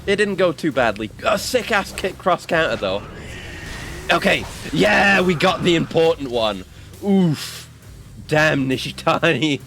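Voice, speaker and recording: Playing through a video game, this gaming streamer talks in a man's voice that's on the high side and a little slow. He's excitable and casual, letting out yelps and curses when the game catches him off guard.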